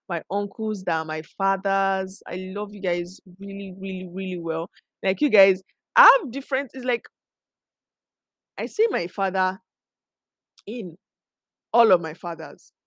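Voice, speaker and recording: A young woman, hosting a podcast and chatting casually, animated and laughing as she acts out quotes. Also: on the low side, no echo, studio quality. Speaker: podcast host. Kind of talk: casual storytelling chat.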